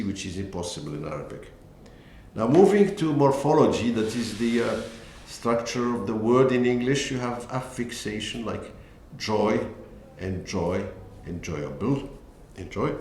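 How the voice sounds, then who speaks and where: A man presenting a book as a language teacher, talking deliberately and pausing often on "uh" between points. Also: on the low side, a little hiss or hum. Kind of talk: slow lecture-style walkthrough. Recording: echoey room with faint ambience.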